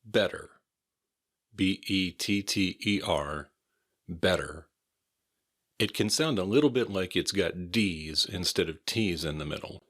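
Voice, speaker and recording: A man's voice: low voice, expressive, normal speed, hardly any pauses, a bit bright. A man with an American accent teaching English pronunciation, repeating words carefully and spelling them out letter by letter. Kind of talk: slow, careful pronunciation drills.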